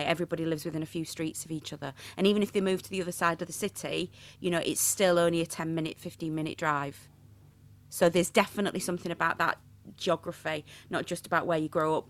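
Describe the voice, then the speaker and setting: A woman priest with a regional English accent, telling stories in a playful, animated way during an interview. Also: low-pitched. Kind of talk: conversational interview.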